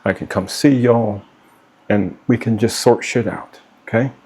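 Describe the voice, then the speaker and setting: A middle-aged father records a direct-to-camera personal vlog for his children, pleading earnestly and frequently checking with "okay?" while heating up. He has a lowish, darkish, husky voice, steady in tone and measured in pace.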